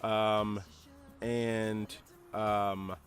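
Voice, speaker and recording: A man co-hosting a podcast, telling a personal story in a relaxed, rambling way with lots of fillers. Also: fairly low pitch, very slow, smooth, faint music behind. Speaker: podcast co-host. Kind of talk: casual storytelling chat.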